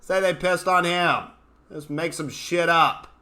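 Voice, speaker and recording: Comic impression: a man playing a foul-mouthed scheming woman politician, tense and bright. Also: fairly high pitch, a little slow. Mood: dismissive. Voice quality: blunt and profane. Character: crude scheming woman politician, middle-aged.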